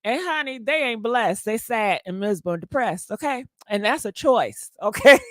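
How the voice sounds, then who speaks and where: A woman's voice: a little high, animated, moderate pace, no room sound, studio quality. A woman hosting a casual livestream, sassy and profane, talking straight to her chat and laughing often. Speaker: livestream commentary host.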